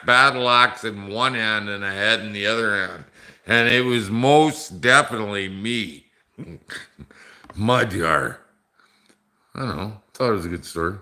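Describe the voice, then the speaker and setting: A man's voice: lowish voice, normal speed, pushed and bright. A middle-aged man, a bit drunk, rambling and joking off-color with viewers on a casual livestream. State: tipsy from drinking. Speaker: livestream host.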